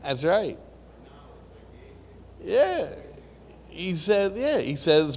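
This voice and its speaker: A man's voice: sits high, big pitch swings, drawn-out words, pauses often, big-room sound. A man preaching a sermon to a room of listeners, earnest and full of rhetorical questions.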